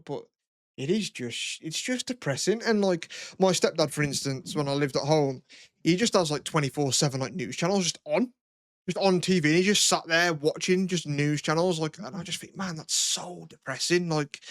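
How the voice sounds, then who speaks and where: A man's voice: on the high side, normal speed, dry recording, studio quality. A young man, co-hosting a podcast in casual chat, rambling and swearing freely as he tells stories. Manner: rambling, swears a lot, animated retelling. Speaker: podcast co-host.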